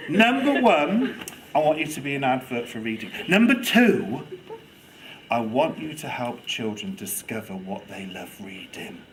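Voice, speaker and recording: A man giving a lively, theatrical talk to a student audience on children's reading, playing for laughs. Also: medium pitch, measured pace, a little hiss or hum, rough recording. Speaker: guest speaker on children's reading. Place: lecture room with audience.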